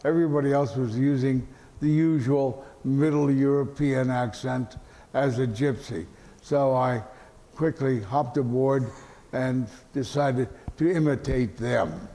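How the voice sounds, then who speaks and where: An older man, a veteran actor answering questions at an event, halting with many fillers and dry deadpan jokes. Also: mid-range voice. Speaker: interview guest, veteran actor. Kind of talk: relaxed panel conversation. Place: event hall with audience. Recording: echoey hall.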